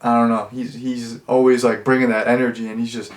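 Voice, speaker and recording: A man's voice: medium pitch, level tone, a little fast. A young man giving a casual, rambling movie review, full of fillers and restarts.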